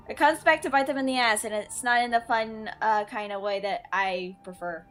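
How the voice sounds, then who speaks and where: A woman's voice: fairly high pitch, moderate pace, hardly any pauses, a bit bright, soft background music. A woman streamer chatting casually with her viewers during a game stream, blunt and swearing freely. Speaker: VTuber streamer.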